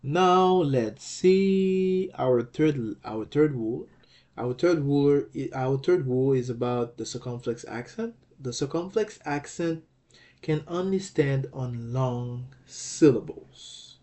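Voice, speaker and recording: A man gives a patient lecture on a language lesson, taking his time. He speaks at a slow, deliberate pace, sounding out words syllable by syllable and pausing to ask "okay?" along the way. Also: mid-range voice, mellow. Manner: patient, repeats and checks with "okay?". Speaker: language teacher.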